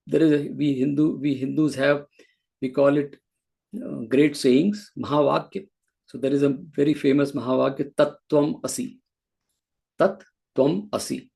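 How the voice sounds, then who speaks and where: A man's voice: mid-range voice, vocal fry, a little mellow, husky. A man teaching a scripture class, explaining patiently with frequent restarts. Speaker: spiritual teacher.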